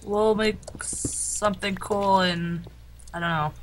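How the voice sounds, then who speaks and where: A woman's voice: medium pitch, steady tone, takes it slowly, slight background noise, rough recording. A woman playing a co-op game with a partner, chatting casually and reacting to the game in a jumpy, playful way. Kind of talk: casual gameplay chat.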